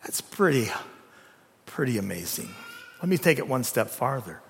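A man preaching a sermon in a church, dramatic, swinging from loud emphasis to hushed tones. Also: mid-range voice, big pitch swings, moderate pace, creaky, slight background noise. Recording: long reverb of a hall.

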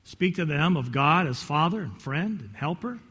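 A male pastor preaching a sermon, telling a story in an animated, folksy way with many restarts, in a church. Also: on the high side, moderate pace, breathy edge. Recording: echoey hall.

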